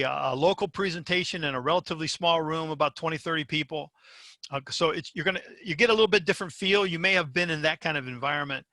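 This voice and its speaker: Bright-voiced man giving a webinar lecture. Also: fairly high pitch, dry recording. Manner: emphatic, checks in with "okay?". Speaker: university faculty member.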